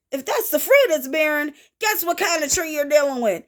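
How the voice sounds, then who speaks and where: A woman giving a casual tarot reading to her viewers in an animated, playful manner, with folksy asides and little sung sound effects. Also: on the high side, fairly quick, gravelly, few pauses. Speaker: tarot reader.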